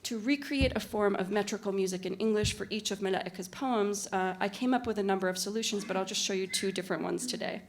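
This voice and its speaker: Woman, academic conference talk, measured prepared reading, mid-range pitch, occasional fillers. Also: a little hiss or hum. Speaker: conference panelist and literary translator. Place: university conference room.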